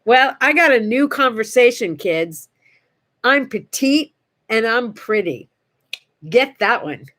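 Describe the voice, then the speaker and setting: An older woman hosts a relaxed morning chat and tells stories with lots of animation. Her voice sits a little high, and she jumps into the voices of the people in her anecdotes. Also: slow pace. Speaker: host. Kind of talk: casual storytelling chat.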